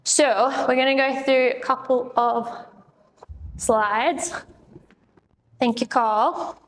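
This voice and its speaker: A woman's voice: high voice, steady tone, slow pace. A woman chiropractor giving an upbeat, chatty live presentation with slides to an audience, laughing often. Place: room with an audience. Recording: echoey room, faint background noise.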